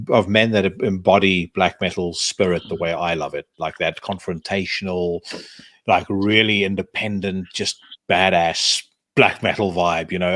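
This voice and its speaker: A man's voice: sits low, fairly bright tone, no room sound, clean studio sound. A man hosting a podcast interview, chatting casually and at length, with frequent restarts and swearing. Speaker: podcast host.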